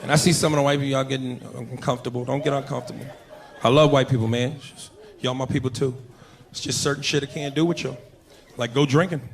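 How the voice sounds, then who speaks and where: An American man telling animated, profane stand-up stories to a live crowd. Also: medium pitch, fast, creaky. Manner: loud, profane, animated storytelling. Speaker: stand-up comedian. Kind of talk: stand-up routine. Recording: live club show with audience noise.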